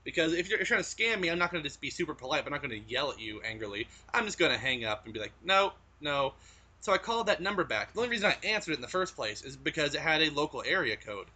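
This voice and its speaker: A man chats casually as a podcast co-host, telling rambling stories full of restarts. His voice is bright and sits a little high. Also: sing-song, fast talker, husky. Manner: rambling storyteller with frequent restarts. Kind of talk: casual chat.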